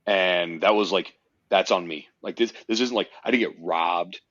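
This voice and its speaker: Deep-voiced man talking intensely, cursing often. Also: moderate pace, a bit bright, dry recording. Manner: emphatic, swears often, tells stories intensely. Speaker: podcast guest, powerlifter. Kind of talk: casual podcast conversation. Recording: dry, slightly muffled podcast audio.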